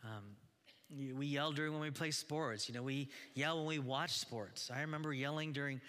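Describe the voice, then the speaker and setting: Earnest pastor with a bright voice. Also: male voice, fairly high pitch, normal speed. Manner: earnest, exhorting, with many restarts. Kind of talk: sermon. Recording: long hall reverb.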